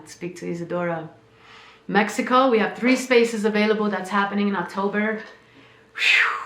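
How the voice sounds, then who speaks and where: A woman's voice: on the low side, a bit bright, roomy sound. A woman hosting a spiritual podcast, speaking with emotion and a shaking voice, repeating phrases like a preacher. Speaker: podcast host and spiritual teacher. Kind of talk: heartfelt podcast monologue.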